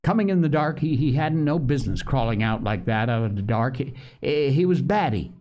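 A man voicing an anxious, stubborn schoolboy who stammers and pleads in rough, working-class speech. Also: mid-range voice, animated, moderate pace, a little mellow, voice pushed up, lightly acted. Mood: pleading.

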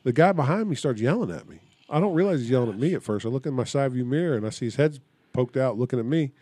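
Man, casual podcast chat, dark mellow tone, dry close sound, animated storyteller. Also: medium pitch, fast talker, dry recording. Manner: animated storyteller, acts out quoted voices. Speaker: podcast co-host.

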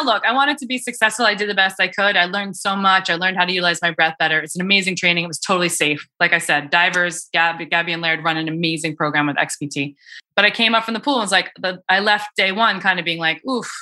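A bright-voiced woman coach talks through cold exposure in a loose, chatty way, full of fillers and restarts. Her voice sits a little low for a woman. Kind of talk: casual podcast conversation.

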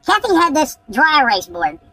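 A woman, excitedly telling a profane story in casual podcast chat. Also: high-pitched, normal speed, rough recording. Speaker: podcast host.

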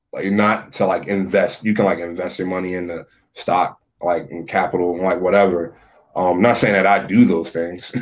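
A man, a youth minister, telling his story in a casual podcast chat, loose and full of filler words. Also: deep voice. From Philadelphia area. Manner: relaxed storytelling, frequent "like" fillers.

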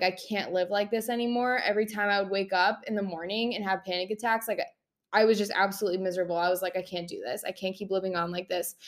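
Young woman just venting her story to camera, lots of likes and ums, kinda raw and honest. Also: medium pitch. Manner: chatty, filler-heavy, frank and emotional, swears casually. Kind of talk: candid personal storytime.

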